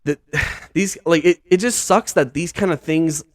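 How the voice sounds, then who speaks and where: A man's voice: on the high side, unhurried, no echo. A man hosting a casual podcast, rambling and exasperated, with lots of filler words and slang. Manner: rambling, heavy use of "like", "dude" and "bro"; incredulous, exasperated. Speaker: podcast host.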